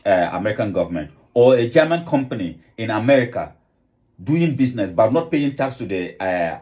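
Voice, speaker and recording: A man's voice: mid-range voice, darkish tone. A man from Africa delivering opinion commentary, insistent, piling up rhetorical questions and repeating words as he presses his point. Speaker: political commentator.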